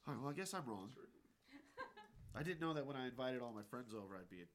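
A man's voice: medium pitch, animated, fast talker, a little hiss or hum. A man hosting a casual podcast with friends, laughing often and slipping into mock voices as he talks. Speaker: podcast host. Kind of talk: casual group chat.

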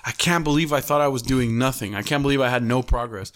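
A man's voice: medium pitch, fast, fairly bright tone. A young man co-hosting a podcast, telling loose gym stories in casual chat, full of swearing and "bro" and "dude.". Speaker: podcast co-host.

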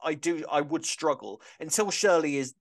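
A man's voice: fairly high pitch, normal speed. A man co-hosting a podcast, chatting enthusiastically about a soap opera, often restarting his sentences. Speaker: podcast co-host.

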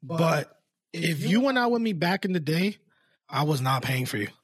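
A man's voice: on the high side, big pitch swings, normal speed, breathy edge, no echo, clean studio sound. A young man co-hosting a podcast in casual chat, blunt, profane and emphatic. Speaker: podcast co-host.

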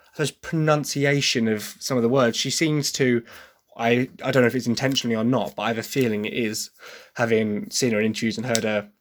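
A man from Essex with a faint Essex accent, hosting a solo podcast and thinking aloud as he weighs his own views. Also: medium pitch. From Essex, England. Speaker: podcast host. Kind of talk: solo podcast review monologue.

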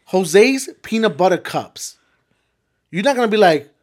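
Young man, casual chat, lively swooping voice, somewhat high, profane and animated. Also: measured pace.

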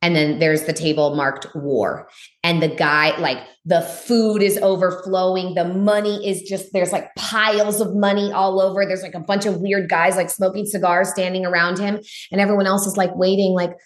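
Level in tone and normal in speed, this frank, emphatic woman speaks in an echoey room as a spiritual teacher guesting on a candid podcast. She's blunt, swears freely, uses "like" a lot, and her voice leaps high to stress words.

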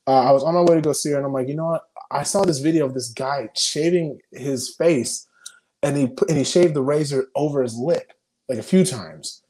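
A young man and video creator talking casually in an interview over a video call, telling frantic, animated stories full of swearing. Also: medium pitch, brisk.

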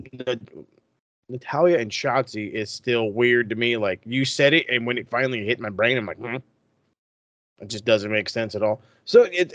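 A man's voice: mid-range voice, fairly bright tone, no echo. A man co-hosting a casual wrestling chat, talking in an emphatic, profane way. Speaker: podcast co-host.

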